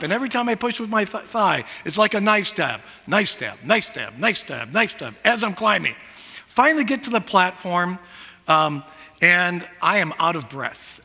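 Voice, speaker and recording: A man's voice: high voice, bright, forceful tone. A middle-aged male pastor preaching a sermon, telling stories in a self-deprecating way. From Pacific Northwest. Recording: reverberant church hall.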